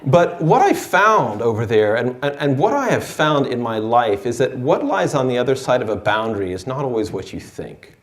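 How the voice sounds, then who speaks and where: A man's voice: medium pitch, big pitch swings, normal speed, few pauses. Wry man telling a story in an echoey room. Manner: wry, self-deprecating delivery. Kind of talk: live personal storytelling.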